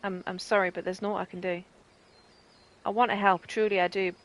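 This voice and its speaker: Northern woman voicing a nervous villager in a game, halting, sorry-sounding. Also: mid-range voice, level tone, a bit bright, natural voice. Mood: apologetic. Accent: Northern English. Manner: hesitant, halting. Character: hesitant, apologetic villager.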